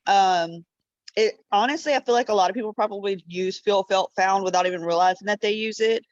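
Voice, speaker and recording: A woman team member explaining a sales idea on a video call, in a relaxed, conversational way. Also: mid-range voice, fairly quick, no echo. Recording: dull, dry video call audio.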